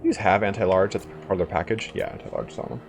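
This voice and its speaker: Deep-voiced man rambling over gameplay. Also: fast talker, gravelly. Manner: loose and rambling, swears freely, chuckles often. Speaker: gaming video host. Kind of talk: casual let's-play commentary. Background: faint game music.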